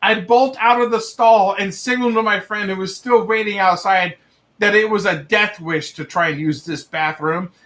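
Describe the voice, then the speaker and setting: High-voiced young man reading stories aloud. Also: fairly even intonation, moderate pace, a bit bright. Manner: laughs through the reading, breaks off to react with swearing. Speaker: livestream host reading viewer stories. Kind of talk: casual livestream reading.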